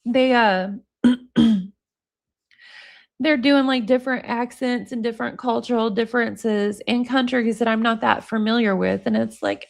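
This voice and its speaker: A woman's voice: a little high, fairly even intonation, moderate pace, gravelly. An American woman chatting casually on a livestream, reading viewer comments aloud and rambling on between them. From United States. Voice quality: says y'all, self-described hillbilly.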